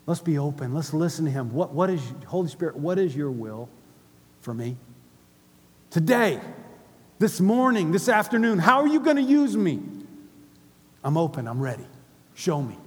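Male pastor, fairly high voice, animated sermon delivery, long hall reverb. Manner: animated, emphatic, asks the room questions. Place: church hall with a congregation.

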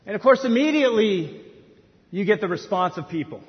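A man in his thirties preaching a sermon in a church, telling a story with hushed asides that rise to near-shouts. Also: high-pitched, very animated, brisk. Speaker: pastor. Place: church sanctuary. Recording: dull sound in a reverberant hall, faint noise.

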